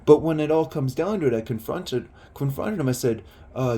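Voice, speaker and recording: A man's voice: medium pitch, expressive, moderate pace, dark tone. Rambling, swearing man telling a story. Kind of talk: casual rambling monologue.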